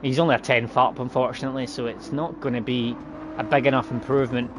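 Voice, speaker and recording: A man commentating a sim racing broadcast in a chatty way, laughing and quickly correcting himself. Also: medium pitch, flat delivery, noisy background. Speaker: race commentator.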